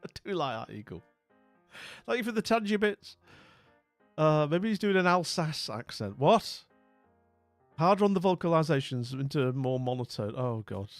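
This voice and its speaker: A British man chatting on a live stream, rambling and self-mocking, with plenty of fillers. His voice sits fairly high and sounds close and dry. Faint music plays underneath. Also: big pitch swings, normal speed, pauses often, dry recording. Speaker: streamer host. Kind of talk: casual live-stream chat.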